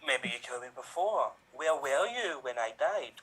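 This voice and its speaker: A man's voice: medium pitch, expressive, normal speed, crowd noise, close to an everyday voice, poor audio. A man playing the ghost of a murder victim who dryly needles a suspect with questions in live improv. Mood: needling.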